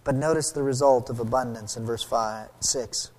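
A man preaching a sermon, retelling a story with lively, acted-out voices for the people in it. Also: mid-range voice, normal speed. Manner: animated storytelling, acting out quoted voices. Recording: long hall reverb.

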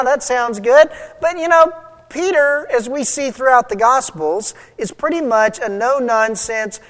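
A man preaching a sermon, retelling a story with lively, acted-out voices for the people in it. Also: high-pitched. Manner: animated storytelling, acting out quoted voices. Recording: long hall reverb.

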